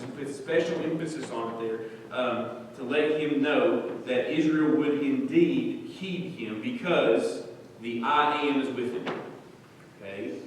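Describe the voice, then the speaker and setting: A man's voice: mid-range voice, measured pace, slight background noise. Male Bible teacher, mid-range voice, casual questioning delivery, recorded from a distance in a very echoey sanctuary. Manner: conversational, asks the congregation questions, frequent "um" and "okay?". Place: church. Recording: echoey church hall, mic far off.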